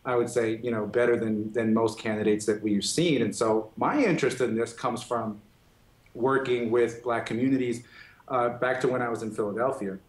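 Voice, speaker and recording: Professor in an echoey room. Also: male voice, medium pitch, fairly even intonation, normal speed. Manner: articulate, explanatory, frequent "right". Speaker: professor, guest. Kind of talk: interview. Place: remote studio.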